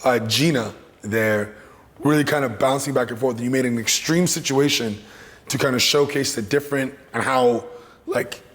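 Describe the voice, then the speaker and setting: A man with a deep, raspy voice, an actor and comedian talking in a relaxed, reflective way in an interview. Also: normal speed, long reverb tail.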